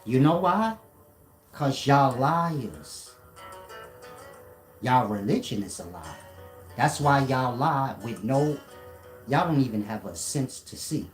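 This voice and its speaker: A man's voice: medium pitch, very animated, takes it slowly, long pauses, faint music behind. A man delivering a confrontational, profane, lecturing monologue in casual talk. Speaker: commentator. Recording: roomy echo.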